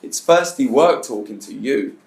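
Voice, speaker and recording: A man's voice: medium pitch, lively intonation, normal speed, vocal fry, darkish tone, reverberant. A man teaching a bootcamp session, telling a story and acting out both sides of a chat.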